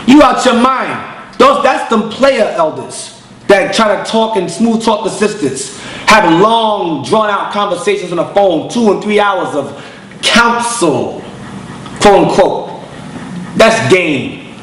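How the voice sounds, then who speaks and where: A man's voice: sits high, animated, takes it slowly, fairly bright tone, roomy sound, slight background noise, poor audio. A man, an elder of his congregation, preaching bluntly in street slang and telling stories with acted-out voices. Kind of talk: preaching lecture with storytelling.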